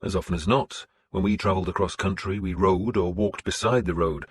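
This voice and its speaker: Deep raspy guy reading an audiobook, steady and measured. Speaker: audiobook narrator. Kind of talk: scripted first-person narration.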